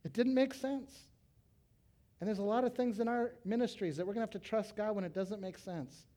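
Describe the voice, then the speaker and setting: Middle-aged man, pastor, sermon, animated delivery, slightly high voice. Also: fairly quick. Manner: animated, bursts into loud acted quotes and laughs.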